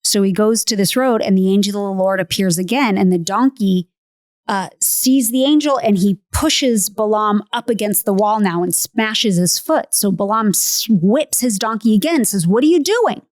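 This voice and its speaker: A woman's voice: mid-range voice, normal speed, no echo, clean studio sound. Earnest female podcast host in her forties, casual storytelling. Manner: earnest, retells with acted quotes.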